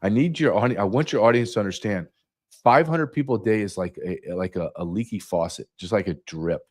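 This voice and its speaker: A man's voice: on the low side, a little fast, darkish tone. A man speaking as a guest, emphatic and repeating key numbers for effect. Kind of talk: emphatic interview talk.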